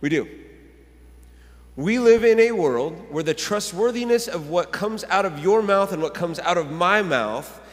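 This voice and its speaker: A man preaches with a bright, high-pitched voice, telling family stories and laughing through them. His words trail into a long, ringing hall reverb. He keeps stumbling and starting over in an easy, chatty way. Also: unhurried. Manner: animated storytelling with laughs and self-corrections. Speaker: pastor. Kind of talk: sermon. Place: church sanctuary.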